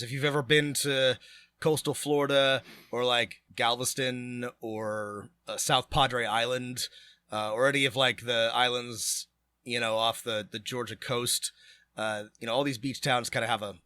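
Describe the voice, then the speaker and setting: Bright-voiced man, casual podcast chat. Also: mid-range voice, fairly even intonation, no room sound. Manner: rambling, quick asides, swears casually. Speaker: podcast co-host. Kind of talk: casual chat planning a tabletop adventure.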